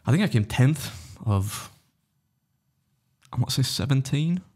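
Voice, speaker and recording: A man's voice: mid-range voice, animated, mellow, breathy edge. A man co-hosting a casual podcast, telling stories at speed, acting out other people's quotes and swearing freely. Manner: rapid anecdotal storytelling, acting out others' quotes. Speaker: podcast co-host and competitive eater.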